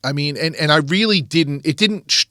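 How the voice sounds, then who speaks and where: Animated rambling podcast host, higher voice. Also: male voice, no room sound, studio quality. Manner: animated, rambling, quick restarts. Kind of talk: casual storytelling chat.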